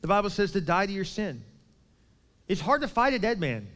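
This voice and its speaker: Man, pastor delivering a sermon; emphatic, dynamic, higher voice, reverberant hall. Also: very animated, moderate pace. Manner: emphatic, swings between loud and hushed.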